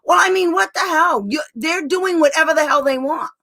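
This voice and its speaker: A woman's voice: sits high, moderate pace, pushed and bright. A woman special education advocate in casual talk, ranting bluntly and with exasperation, drawing out words for emphasis.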